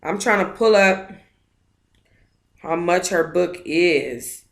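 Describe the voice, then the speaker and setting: A woman hosting an online book club, chatting casually and breaking into dramatic, excitable outbursts while talking to herself. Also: on the low side, slow pace, vocal fry. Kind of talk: casual livestream chat.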